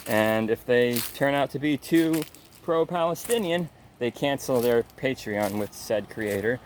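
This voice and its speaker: A man ranting in a casual, angry and mocking way, swearing often, with faint noise behind him. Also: mid-range voice. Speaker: commentator. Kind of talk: casual rant.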